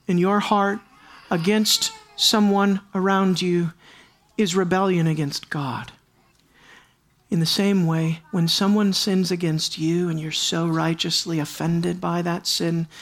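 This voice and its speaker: A pastor preaching a sermon to a congregation, addressing them directly and repeating key words for stress. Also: medium pitch.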